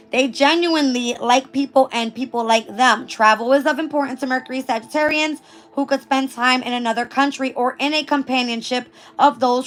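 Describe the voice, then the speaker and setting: Woman, hoarse and losing her voice, casual tarot reader, high-ish pitch, loose and chatty with the odd curse. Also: a bit bright. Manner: reads passages aloud then riffs casually, swears. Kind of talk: casual collective tarot reading.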